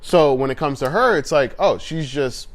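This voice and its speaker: A man co-hosting a podcast, chatting casually and excitedly, acting out scenes with quick voices. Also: a little high. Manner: animated, swearing, acts out scenes in quick voices. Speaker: podcast co-host. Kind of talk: casual chat.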